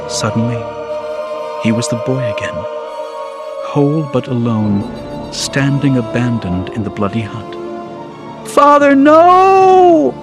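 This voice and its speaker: A man giving a dramatic, measured audiobook narration. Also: medium pitch. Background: music score.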